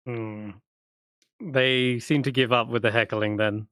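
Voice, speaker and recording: A man's voice: mid-range voice, fairly even intonation, fairly bright tone, clean tone, no echo. A man narrating as dungeon master in a casual, laughing way. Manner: casual, laughing, quick asides. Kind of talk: narrating a tabletop game.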